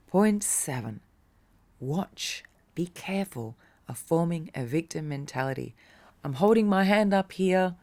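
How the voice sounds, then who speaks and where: Woman, meditation teacher; deep-toned, warm encouragement, direct address, occasional whispers. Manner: encouraging, speaks directly to the listener. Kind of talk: casual motivational talk.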